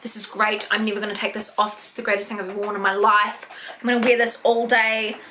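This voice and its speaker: A young woman in an unboxing vlog, gushing and excitable, swearing often as she opens gifts. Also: medium pitch, fast, a little hiss or hum. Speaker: YouTuber.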